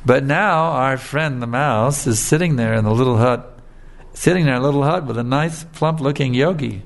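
A man giving a sermon, telling a fable in a relaxed, conversational way with frequent filler tags. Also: mid-range voice, normal speed. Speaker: preacher. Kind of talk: sermon with storytelling.

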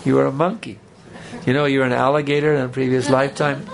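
A man's voice: mid-range voice, flat delivery, fast, creaky, a crowd in the background. A man giving a spiritual talk to a live audience in a conversational, rambling way, with joking asides. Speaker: spiritual teacher. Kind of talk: sermon with audience banter.

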